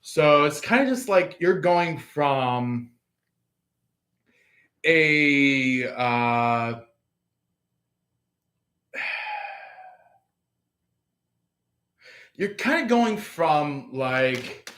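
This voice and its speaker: A man giving a casual live tarot reading, filling his talk with pauses and acting out the people he quotes. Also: a little high, very animated, a bit bright. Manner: acts out quoted voices, laughs, filler-heavy. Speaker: tarot reader.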